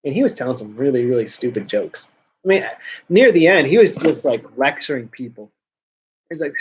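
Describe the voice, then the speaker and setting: Talking at his computer for a home-made joke news show, this man rambles to camera, cracking jokes at his own expense and often trailing off and starting over. His slightly high, breathy voice is animated and moderately paced, and the highs are cut off in the audio.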